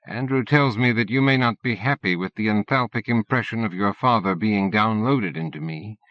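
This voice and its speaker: A man reading as a quiet, earnest robot. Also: on the low side, normal speed, lightly acted. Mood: hesitant. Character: reflective robot with a dead man's memories. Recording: dull dry cassette-era audiobook recording.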